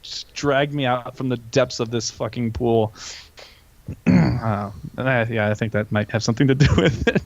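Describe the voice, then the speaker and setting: A young man chatting on a casual podcast with plenty of swearing, and he gets animated when he tells a story. His voice sits at a middle pitch. The recording is dry and a little dull, with a lo-fi podcast mic. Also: moderate pace, no echo. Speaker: podcast co-host. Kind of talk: casual chat.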